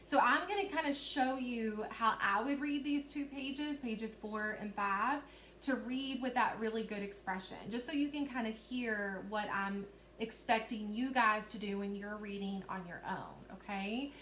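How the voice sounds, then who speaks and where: A female teacher with a slightly high, sharp-toned voice guides children through a reading lesson at a measured pace. She explains each step patiently and keeps checking that they're following. A roomy echo sits over faint hiss.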